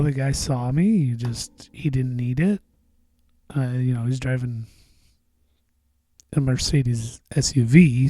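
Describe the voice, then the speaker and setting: Dark-voiced man rambling on a podcast. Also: medium pitch, no echo. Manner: rambling and profane, drifting into mumbles. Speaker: podcast host. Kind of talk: casual solo podcast monologue.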